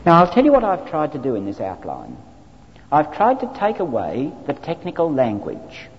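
A man from Australia, a clergyman, giving an animated, wry, anecdotal training talk to a group. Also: fairly high pitch, moderate pace. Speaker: clergyman teaching evangelism training. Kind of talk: lecture-style talk to a group. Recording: dull lo-fi recording in a reverberant hall.

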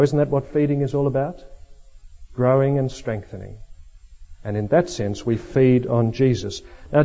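A man preaching a sermon, teaching in a measured way with dry asides. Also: mid-range voice, warm tone. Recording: lo-fi hall recording.

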